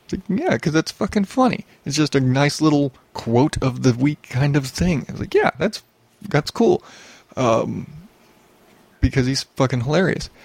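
A young male podcast host talks alone into a close mic, his voice gravelly with fry. He rants and rambles, swears freely and often restarts his sentences. The sound is dry, with no room in it. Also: a little high, sing-song, normal speed, a little mellow, dry recording. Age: young adult. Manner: profane, ranting, rambling with restarts. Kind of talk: solo podcast rant.

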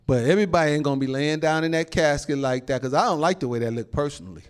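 A male pastor preaching a sermon in an animated, folksy way, laughing often and calling out to the congregation. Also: on the high side, fast, smooth. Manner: folksy informal phrasing.

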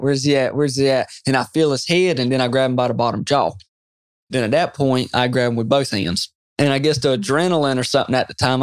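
A man, a guest telling an excited fishing story in an interview, quoting himself often. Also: mid-range voice, no echo, studio quality. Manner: excited, animated storyteller who quotes himself a lot. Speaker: guest angler.

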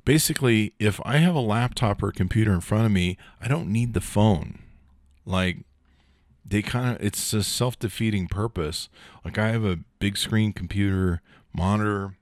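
A man's voice: on the low side, no echo, clean studio sound. A male podcast host giving a casual, rambling rundown of tech news, joking and swearing as he goes. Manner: rambling, profane, joking asides.

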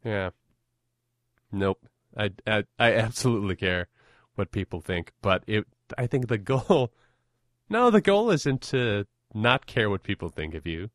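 A man with a fairly low voice hosts a podcast in loose, casual chat. He jokes around and pokes fun at himself. The recording is dry and close, with no room sound. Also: sing-song, measured pace, no echo. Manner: joking, self-deprecating banter. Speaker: podcast host.

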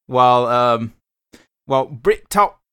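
A man from Texas chatting about a film, halting with pauses and fillers. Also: mid-range voice, animated, noisy background. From Austin, Texas. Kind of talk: casual film discussion.

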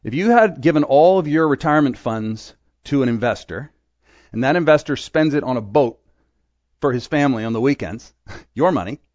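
A man's voice: medium pitch, expressive, normal speed, darkish tone, no echo, dull audio. A middle-aged man preaching a sermon as pastor, acting out characters as he tells the story and asking the congregation direct questions.

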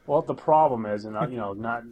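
A man in his thirties co-hosting a podcast, rambling crude stories with halting restarts. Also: mid-range voice, phone-quality sound, a crowd in the background. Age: 30s. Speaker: podcast co-host. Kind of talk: casual chat.

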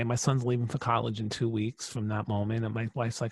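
A man in his forties, a podcast guest, telling a personal story with emphatic, animated delivery and frequent restarts. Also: medium pitch, brisk, few pauses, no echo.

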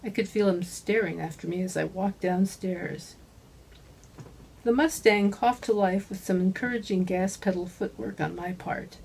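Woman, author reading, hardboiled first-person narration, dry and wry, mid pitch, faint hiss. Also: moderate pace, creaky, a little mellow, poor audio. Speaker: author reading her own novel.

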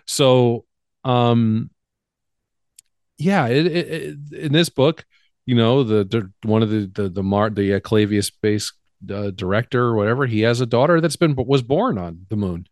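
A man's voice: mid-range voice, measured pace, a little mellow, no room sound. Chatty middle-aged man, dry close sound. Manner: rambling, chatty, drifts off mid-thought. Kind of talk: casual chat about a film.

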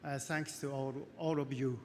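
A man with a Japanese accent giving a halting, emotional award acceptance speech, pausing often between phrases. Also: mid-range voice, fairly even intonation, a little mellow, a little hiss or hum. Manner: halting, emotional, many pauses. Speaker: award recipient. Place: large event hall. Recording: distant hall recording with crowd.

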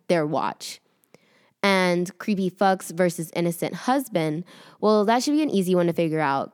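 A woman's voice: on the low side, a little mellow, no echo, clean studio sound. A woman telling a casual storytelling monologue in a brash, sassy way, full of profanity.

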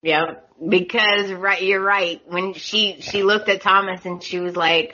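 Chatty woman with bright lo-fi voice. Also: medium pitch, measured pace, few pauses. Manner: chatty, laughs often, acts out quotes. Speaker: podcast host. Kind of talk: casual soap opera recap chat.

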